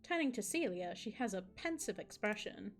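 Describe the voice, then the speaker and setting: Over faint music, a woman livestreaming a game reads the story out loud in a sing-song, medium-pitched voice at normal speed. She keeps things chatty and laughs easily, dropping asides to her viewers' chat.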